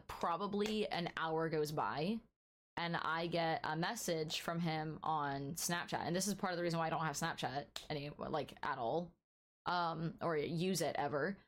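Woman podcaster telling a story, kinda low voice, says "like" constantly, acts out the dialogue. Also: measured pace, a little hiss or hum. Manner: animated storyteller, heavy use of "like", acts out dialogue. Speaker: podcast co-host. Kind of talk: casual storytelling chat.

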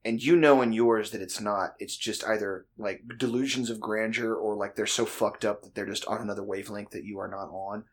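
Husky young man telling a crude story. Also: lowish voice, a little fast, hardly any pauses. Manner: crude, animated, laughs often. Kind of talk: casual comedic storytelling.

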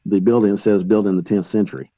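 A man telling travel stories as a guest paranormal investigator, rambling and animated, with many fillers. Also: lowish voice, quick pace, no room sound, lo-fi sound. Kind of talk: casual storytelling in a podcast interview.

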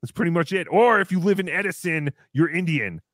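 A man's voice: a little high, lively intonation, a little fast, a bit bright, no room sound, clean studio sound. A man voicing a brash, boastful comic character who talks about himself in the third person while hosting a livestream. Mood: mocking. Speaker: show host character. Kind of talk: livestream comedy banter.

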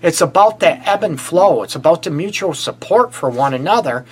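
Blunt, animated male counselor. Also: on the high side, moderate pace, breathy edge. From Detroit area, USA. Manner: animated and blunt, addresses listeners as "people", frequent "you know what". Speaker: relationship counselor and show host. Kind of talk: casual advice talk show.

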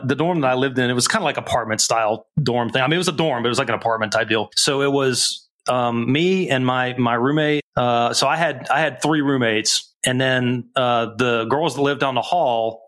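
A man's voice: mid-range voice, fairly bright tone. A man telling a story on a podcast, rambling and restarting and laughing as he talks. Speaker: podcast co-host. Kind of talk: casual storytelling.

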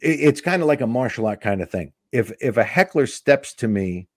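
A middle-aged stand-up comedian tells a story briskly on a podcast in a mid-range voice, animatedly playing the characters himself. No room sound is audible.

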